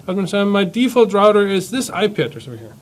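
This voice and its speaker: A man teaching a university class, joking and acting out computers in quick quoted voices. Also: high voice, big pitch swings, a little hiss or hum. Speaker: university lecturer. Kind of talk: classroom lecture. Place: lecture hall. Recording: echoey lecture hall from far off.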